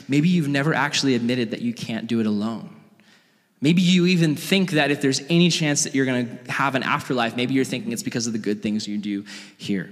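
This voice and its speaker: A man's voice: medium pitch, brisk. A man pastor giving a casual sermon in a church, talking in a chatty, earnest way that is full of "like". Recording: echoey church hall.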